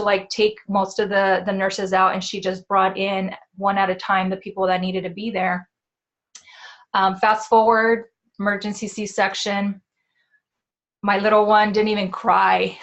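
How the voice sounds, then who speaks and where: Woman host, 30s, candid first-person storyteller, mid-pitched, conversational. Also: fairly bright tone. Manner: candid, quick restarts, often says "like" and "right?". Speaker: podcast host.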